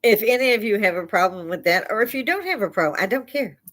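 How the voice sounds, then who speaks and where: An older woman with a Chicago accent holds forth on her live stream. She talks bluntly and heatedly and swears freely, and her voice sits at an ordinary middle pitch. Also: animated, fast, a bit bright, slight background noise. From Chicago, United States. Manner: blunt, profane, heated ranting. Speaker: livestream host. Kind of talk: opinionated live rant.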